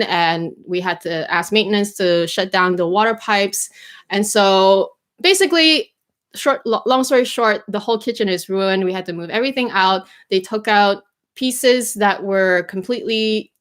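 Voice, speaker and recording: A woman's voice: medium pitch, moderate pace. A young woman chatting casually on a livestream from home, rambling with lots of fillers and restarts. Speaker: livestream host. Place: home bedroom.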